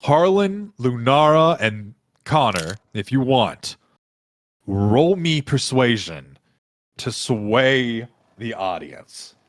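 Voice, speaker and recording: A man running a tabletop game as game master, talking in a casual, relaxed way. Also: medium pitch, slow. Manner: casual, laid-back.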